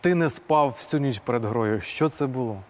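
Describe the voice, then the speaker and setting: A man's voice: medium pitch, moderate pace. A man hosting a sports interview, asking questions with hesitant fillers.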